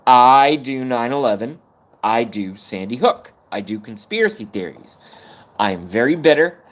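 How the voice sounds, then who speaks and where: Medium-pitched, animated and a bit bright, a man hosts his own YouTube livestream at a moderate pace. His blunt, profane monologue rambles, swinging between energy and moments of holding back tears.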